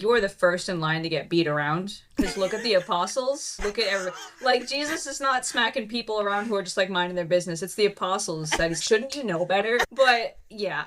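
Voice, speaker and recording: A woman guest on a podcast in casual chat, telling animated stories with laughs and quoted lines. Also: medium pitch, slight background noise. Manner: animated storytelling, laughing, quoting people.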